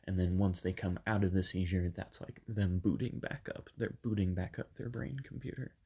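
Low husky-voiced young man, a bit sick. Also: fairly even intonation, normal speed, mellow. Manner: rambling, many ums and self-corrections. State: slightly sick. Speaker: podcast host. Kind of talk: casual personal storytelling. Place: bedroom padded with soft things.

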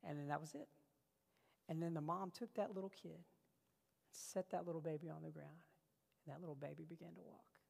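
Gravelly preacher with a passionate delivery. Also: male voice, a little high, fairly even intonation, brisk, long pauses. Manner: passionate storytelling, swinging between loud bursts and hushed lines. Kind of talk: sermon. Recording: long reverb of a large hall.

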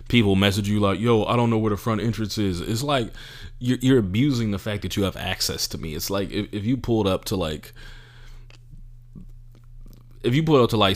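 A young adult man, a comedian, ranting casually and profanely, acting out the people he quotes. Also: low voice. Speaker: podcast host and comedian. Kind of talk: casual monologue.

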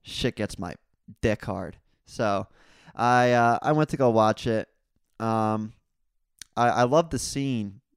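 A young man hosting a casual solo podcast, telling rambling stories full of crude jokes and swearing, and getting louder and higher when he is worked up. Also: slow, pauses often, clean tone, no echo, clean studio sound. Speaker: podcast host.

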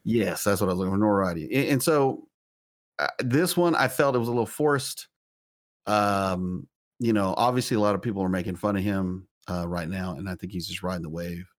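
A man chats easily on a podcast in a somewhat low voice. He agrees often and pauses on fillers as he thinks. The recording is dry and close. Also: dry recording. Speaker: podcast co-host. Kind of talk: casual chat.

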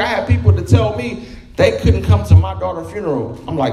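A man's voice: high voice, lively intonation, a little fast. A man preaching a sermon in a folksy, conversational way. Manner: folksy, conversational preaching with quoted voices and humor. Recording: echoey room with background music.

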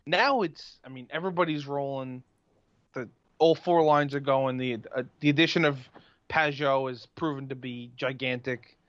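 A man's voice: mid-range voice, normal speed, fairly bright tone, no echo. A man in casual sports chat, rambling with lots of restarts and fillers. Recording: dull lo-fi dry sound.

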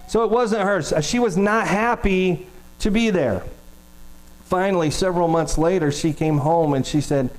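A middle-aged male pastor preaches in an easy, storytelling manner, his voice sitting a little higher than most men's. He keeps turning to the congregation with questions. A low electrical hum runs under his voice throughout. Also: moderate pace, a little mellow, low-quality recording. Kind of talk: sermon.

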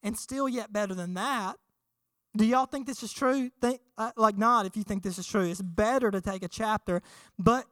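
A young man preaching a sermon, telling a childhood story in an animated way and acting out the voices. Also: high-pitched, normal speed, no echo. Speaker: pastor.

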